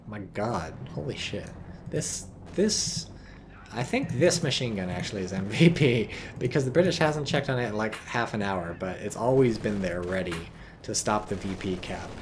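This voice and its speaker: A man's voice: fairly low pitch, sing-song, normal speed, noisy background. A man giving casual, profane, sarcastic commentary on a strategy game replay and reading viewer chat aloud.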